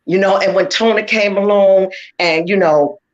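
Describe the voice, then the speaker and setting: A woman's voice: medium pitch, moderate pace, lo-fi sound. A woman giving an emphatic, earnest testimony on a panel, repeating phrases for weight. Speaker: panel guest sharing survivor story.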